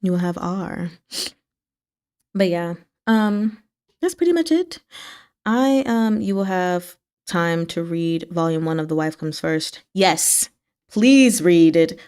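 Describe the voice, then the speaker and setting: A woman's voice: slow, clean tone. Chatty woman hosting a livestream. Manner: chatty, animated pitch swings, talks back to chat. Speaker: book club host. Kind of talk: casual livestream chat with viewers.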